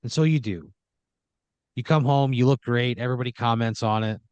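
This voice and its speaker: A man spins an improvised horror comedy story in the second person, sprinkling his narration with "like." His voice sits at a middling pitch, and the recording is dry and close. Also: a little fast, a little mellow, clear, resonant tone, no echo, lo-fi sound. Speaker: podcast host, storyteller.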